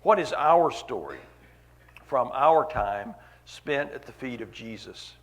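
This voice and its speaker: A man's voice: mid-range voice, lively intonation, slow. A man preaching a sermon at a church meeting, earnest, repeating key phrases for weight.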